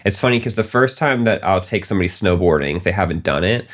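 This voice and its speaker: Deep-voiced man telling animated stories. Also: fast talker. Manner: animated storyteller, acts out quoted voices. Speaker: podcast host. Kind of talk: casual business podcast talk.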